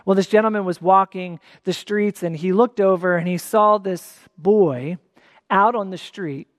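Pastor, conversational sermon delivery, emphatic repeats, mid-pitched, long reverb tail. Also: measured pace, clean studio sound.

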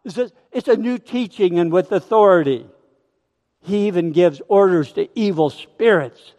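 A male pastor preaching a sermon in a slow, emphatic manner. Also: fairly high pitch, darkish tone. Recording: long hall reverb.

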